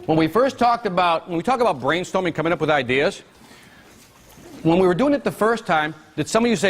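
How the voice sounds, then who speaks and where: Lively man leading a business seminar. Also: high-pitched, fast talker. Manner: energetic, asks the audience questions. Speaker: seminar presenter. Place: seminar room with audience.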